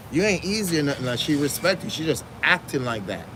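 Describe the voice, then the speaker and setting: A man's voice: a little high, expressive, brisk. A man with a slightly raised voice rants casually on a livestream, slangy and profane, breaking into laughs between points. He keeps repeating his lines for emphasis. Faint street traffic hums behind him outdoors. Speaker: livestream host.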